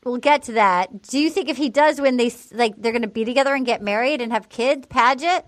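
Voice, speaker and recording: A woman's voice: a little high, a little fast, dry recording, studio quality. A woman co-hosting a casual podcast, retelling a dating show and acting out quotes in voices. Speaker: podcast co-host.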